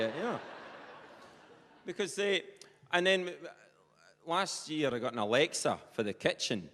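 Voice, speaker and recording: A man's voice: fairly high pitch, sing-song, moderate pace, a bit bright, slight background noise. A man with a Perthshire Scottish accent doing live stand-up comedy, chatty and rambling with lots of colloquial asides. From Scotland. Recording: live stage with long hall reverb.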